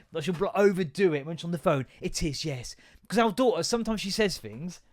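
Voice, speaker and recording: A man's voice: a little high, dry recording, studio quality. A tired man, rambling through a self-mocking solo podcast. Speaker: podcast host. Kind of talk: casual solo podcast chat.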